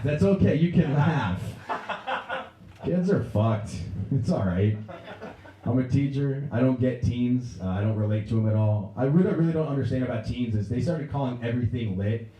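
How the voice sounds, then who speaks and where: A young man from Pennsylvania doing a stand-up routine in a Pennsylvania accent, telling stories deadpan and breaking into raised voices for other people. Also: medium pitch, brisk, recorded from a distance. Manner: deadpan storytelling, acts out characters in raised voices. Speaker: stand-up comedian. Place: movie theater stage. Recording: echoey room.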